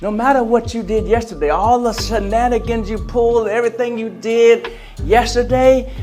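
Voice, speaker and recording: A man's voice: extremely high pitch, moderate pace, a little mellow, soft background music. A man giving a conference speech on emotional wellness, drawing the audience in with questions and acted-out quotes. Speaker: motivational speaker. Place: large convention center hall.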